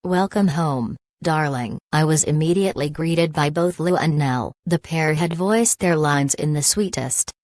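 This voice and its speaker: Woman narrator, deep voice, dry close sound, wry casual delivery of a fantasy audiobook. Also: moderate pace, few pauses, darkish tone, no echo. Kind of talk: reading a fantasy novel aloud.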